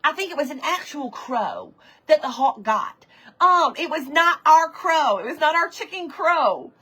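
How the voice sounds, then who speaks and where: Chatty woman with a bright voice. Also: high-pitched, measured pace, low-quality recording. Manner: chatty, animated, greets viewers by name mid-story. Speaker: livestream host. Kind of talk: casual storytelling while reading live comments.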